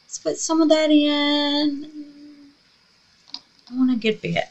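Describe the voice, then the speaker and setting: A woman with a high, slightly scratchy voice chats casually and gushes as she shows viewers a resin craft project. She takes her time, and the recording sounds muffled.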